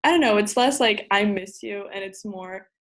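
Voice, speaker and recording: A woman's voice: mid-range voice, normal speed. A young woman from Brazil answering questions in a casual Q&A, upbeat and enthusiastic. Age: young adult. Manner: upbeat, enthusiastic, laughs easily. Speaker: student cultural navigator.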